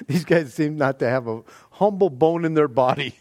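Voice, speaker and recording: A man with a notably high voice preaching an animated, conversational sermon. He stumbles into restarts and chuckles as he goes, and the sound is close and dry. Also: moderate pace, dry recording. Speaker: pastor.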